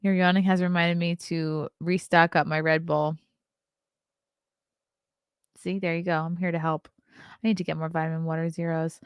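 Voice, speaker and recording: A woman's voice: lowish voice, steady tone, normal speed, gravelly, no room sound, clean studio sound. A woman in her thirties hosting a casual solo livestream, chatting, reading articles aloud and reacting to them, yawning often. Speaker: host.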